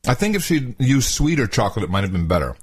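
A man co-hosts a loose podcast chat with a husky edge to his voice. His pitch swings widely as he rants and exclaims. It is unscripted, back-and-forth talk. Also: fast. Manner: animated, exclamatory, ranting. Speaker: podcast co-host. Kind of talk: casual chat.

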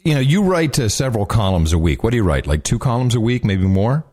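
A man co-hosting a podcast in casual chat, animated and joking, laughing often. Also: mid-range voice, quick pace. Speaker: podcast co-host.

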